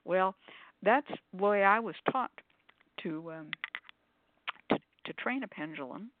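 A woman's voice: lively intonation, unhurried, background noise. An older woman hosting a call-in show, explaining things in a chatty, demonstrating way with plenty of ums, now and then putting on quoted voices. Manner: acts out quoted voices with sudden pitch jumps. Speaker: host of call-in spiritual show. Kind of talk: casual panel discussion. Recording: phone-like narrow audio, dry.

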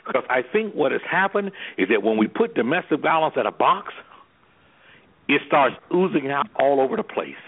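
A man's voice: medium pitch, big pitch swings, moderate pace, slightly rough, phone-quality sound. A man working as an anger management specialist, talking as a guest on a radio interview in an impassioned, preacherly way, firing off rhetorical questions.

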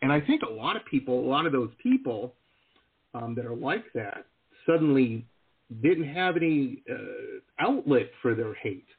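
Over tinny call-style audio, a gravelly middle-aged man hosts an interview at a moderate pace and medium pitch. His chat is loose and full of jokes, and he frequently slips into impressions of the people he's quoting.

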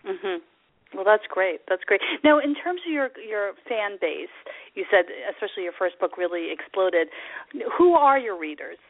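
A woman's voice: medium pitch, animated, normal speed, no room sound. A woman interviewing an author, asking questions and offering brief encouragement. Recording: tinny phone-like line.

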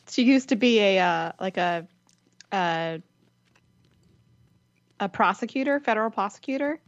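A woman's voice: medium pitch, expressive, slow, long pauses, no echo. Chatty woman, dull dry lo-fi. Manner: chatty, laughs often, repeats "it's fantastic". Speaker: podcast co-host. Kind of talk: casual chat.

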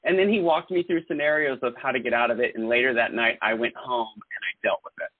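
A man's voice: mid-range voice, steady tone, fast, slightly rough, no echo. Earnest rambling man on a tinny line. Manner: earnest, rambling with filler words and restarts. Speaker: guest host. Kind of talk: casual podcast chat.

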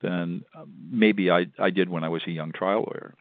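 A man's voice: low voice, steady tone, no echo. An older man, a mediator and law professor, explaining step by step as a radio interview guest. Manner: measured, instructive, repeats himself. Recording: tinny phone line.

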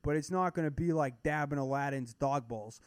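Young male podcast co-host, profane and cocky, slightly high voice, dead-dry sound. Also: moderate pace, no echo. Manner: profane, brash, ranting. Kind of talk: casual podcast chat.

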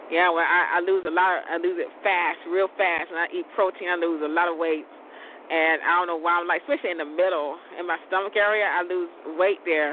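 A man hosting his own show in a loose, rambling chat, laughing often and cursing mildly. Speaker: show host. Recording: tinny phone-like audio with vehicle rumble.

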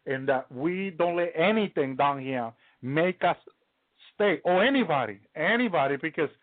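A man preaching a live testimony, halting and restarting often and peppering his talk with hallelujah. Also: a little high, animated, dry recording. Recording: tinny phone-line sound, dry.

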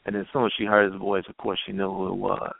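A man guest telling a personal story in an earnest, halting way, with many restarts, heard over a tinny phone line. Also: deep voice, level tone, gravelly, dry recording. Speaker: guest poet.

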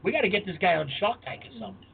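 A man's voice: high-pitched, very fast, creaky, breathy edge. A man in his forties co-hosting a casual podcast chat, emphatic and profane as he tells stories. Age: 40s. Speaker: podcast co-host. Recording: tinny phone-like sound, faint noise.

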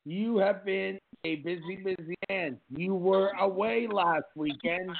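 A man's voice: high-pitched, a little slow, creaky, crowd noise. A man co-hosting a wrestling talk show, hyped up and effusive as he introduces and praises his partner. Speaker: co-host. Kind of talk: casual chat. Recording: tinny phone-like line.

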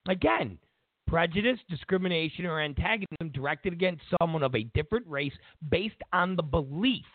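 Male talk host, high voice that swoops around, mocking rant, dry phone-like sound. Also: animated, normal speed, no echo. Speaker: show host. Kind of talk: opinionated political commentary. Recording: tinny phone-like dry audio.

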